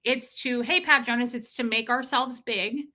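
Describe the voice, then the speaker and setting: Middle-aged woman host, casual live commentary, bright clear voice, emphatic and repetitive, greets chatters mid-sentence. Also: a little high, steady tone, normal speed. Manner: emphatic, repeats herself, breaks off to greet viewers. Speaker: livestream host reading chat.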